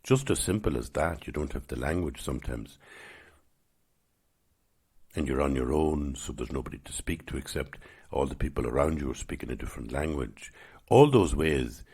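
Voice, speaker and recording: A man hosting his own podcast, giving a gentle, musing spiritual talk at an unhurried pace. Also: very deep voice, animated, vocal fry, breathy edge. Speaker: podcast host.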